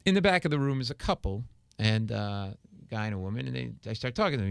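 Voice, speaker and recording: A comedian telling a story in casual chat, acting out every quoted line with loose, profane energy. His voice is bright and forceful, with a crisp, resonant clarity. The sound is dry and close. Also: medium pitch, fast talker, hardly any pauses, dry recording. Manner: animated storyteller, acts out quotes, swears freely. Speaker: comedian guest.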